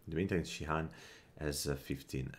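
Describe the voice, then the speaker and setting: Deep-voiced male game commentator at his desk mic, musing and tallying out loud, short bursts of frustration. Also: steady tone, slight background noise. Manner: thinks aloud, counts under his breath, quick flashes of annoyance. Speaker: gameplay commentator. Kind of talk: casual strategy game commentary.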